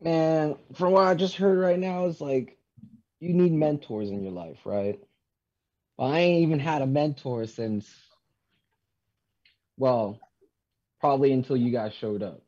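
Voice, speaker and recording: A man, a guest in a casual chat, talking quietly in a relaxed way. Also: mid-range voice, measured pace, pauses often, muffled recording.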